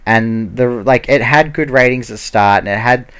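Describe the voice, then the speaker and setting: A man's voice: mid-range voice, normal speed, fairly bright tone, clear, resonant tone. A man giving a heated, casual ranting review, full of fillers and restarts. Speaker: video blogger.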